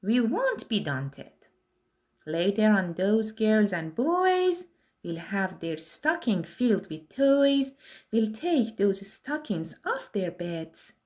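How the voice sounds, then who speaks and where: A woman's voice: mid-range voice, sing-song, takes it slowly, darkish tone. A woman voicing two sly scheming burglars.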